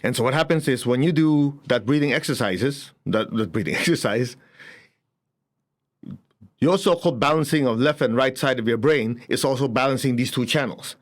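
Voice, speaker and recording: A man's voice: mid-range voice, moderate pace. A man teaching a spiritual class, telling stories with frequent chuckles and acting out the people he quotes. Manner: animated storytelling, chuckles often, acts out quotes.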